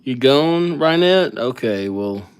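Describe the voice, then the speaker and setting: A man with an ordinary midrange voice chats on his live stream in an easygoing, rambling way. He wanders off on tangents and thinks aloud as he goes, never rushed or formal. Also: mid-range voice, lively intonation, clear, resonant tone. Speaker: livestream calligraphy host. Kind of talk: casual live-stream chat.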